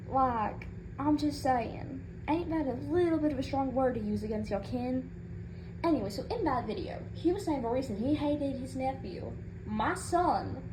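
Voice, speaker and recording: A woman doing a comedic in-character rant as a proud mother, sassy and rambling, indignant on her son's behalf. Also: high-pitched. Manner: sassy, rambling, indignant, with Southern-style turns of phrase. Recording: noticeable background noise.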